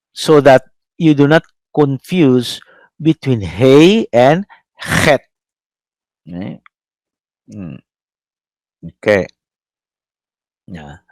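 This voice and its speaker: A middle-aged man with a Filipino accent lectures a class at an unhurried pace, stopping often to search for words. He fills his pauses with "uh" and checks in with his listeners with a rising "no?". His voice sits in a middle pitch and sounds dry, close to the mic. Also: darkish tone, dry recording, low-quality recording. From Philippines. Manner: halting, many fillers, checks in with "no?".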